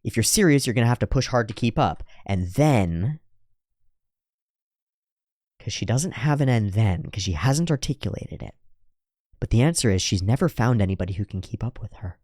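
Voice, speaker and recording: A man hosting an anime reaction show, giving casual, excitable, profane commentary on an episode. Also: on the low side, moderate pace, long pauses, no echo, studio quality. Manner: excitable and profane, jumps between breakdown and hype.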